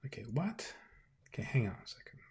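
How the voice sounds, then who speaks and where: A man's voice: medium pitch, big pitch swings, a little mellow. Man thinking aloud while live coding. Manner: thinks aloud, restarts, quick exclamations. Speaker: developer livestreaming. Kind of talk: casual live coding commentary.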